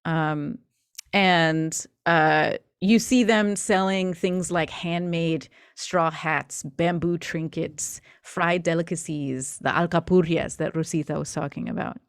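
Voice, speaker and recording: A woman's voice: lowish voice, fairly even intonation, takes it slowly, clean tone, dry recording, clean studio sound. A woman game master narrating a tabletop horror game in a chatty, descriptive way with plenty of fillers.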